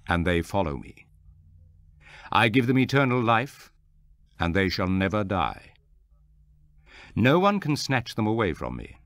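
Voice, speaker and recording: Low-voiced guy reading jesus, calm teacher, measured, dry close mic. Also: no room sound, heavily acted. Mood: earnest. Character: Jesus, a calm adult male teacher speaking with authority. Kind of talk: scripture reading.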